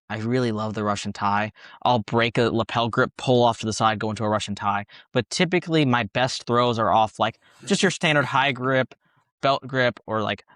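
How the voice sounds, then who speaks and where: A young man from Texas answers interview questions in a relaxed, chatty way, laughing often as he explains technique. His voice sits at a middle pitch. The recording is dry and close, with no room sound. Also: no echo. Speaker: guest fighter and coach. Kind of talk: casual interview.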